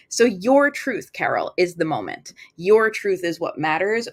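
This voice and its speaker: A woman's voice: lowish voice, a bit bright. A woman reading tarot cards on a live stream, chatting casually with fillers and acting out little quoted thoughts.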